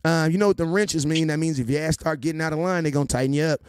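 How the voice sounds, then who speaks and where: A man hosting a casual sports livestream, shouting out viewers by name and teasing them like a preacher. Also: on the high side, smooth, no room sound, studio quality. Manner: rapid shout-outs to viewers, playful preacher-style teasing. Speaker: livestream host.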